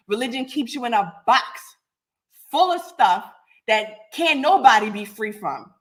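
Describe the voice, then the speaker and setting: A raspy-voiced woman hosts a live podcast while getting over a cold. She talks bluntly and confrontationally, calling out commenters by name. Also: on the high side, fairly bright tone. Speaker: podcast host. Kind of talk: live-stream talk to commenters.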